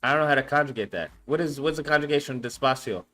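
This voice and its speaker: Following a language lesson on a casual live stream, this man talks rapid-fire in a sharp, mid-range voice over faint music. He thinks out loud, repeats words, and swears a lot.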